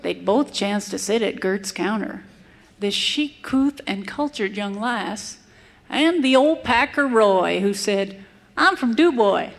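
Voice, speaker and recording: A woman's voice: medium pitch, expressive, slow pace, gravelly. A woman reciting a humorous rhyming cowboy poem in a wry storytelling manner. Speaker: cowboy poet.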